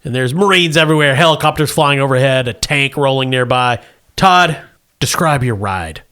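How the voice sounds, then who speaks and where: A man narrating a comedic tabletop game as game master, setting scenes deadpan and laughing often. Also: medium pitch, normal speed.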